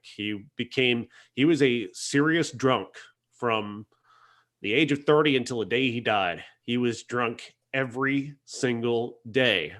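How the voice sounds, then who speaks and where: On a podcast, a man talks through a film review in an earnest, casual manner. His voice is mid-range with a fairly bright tone, and he hesitates a lot, frequently restarting sentences while sorting out his ideas.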